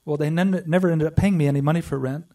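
Guy telling his story to a room, kinda high mellow voice, picked up from a ways off. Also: steady tone, recorded from a distance. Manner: earnest storytelling with pauses and restarts. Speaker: speaker sharing a personal spiritual story. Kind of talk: personal testimony to a group.

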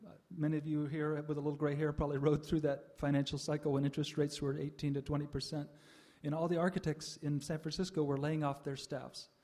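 An older man giving a reflective personal testimony to an audience, pausing often with "uh" and soft laughs. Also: on the high side, little pitch movement. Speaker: speaker sharing a spiritual life story.

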